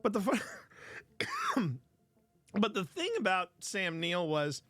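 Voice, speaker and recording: A man's voice: sits high, big pitch swings, slow, heavy background noise. A man hosting a casual livestream and chatting in a joking, rambling way. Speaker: livestream host.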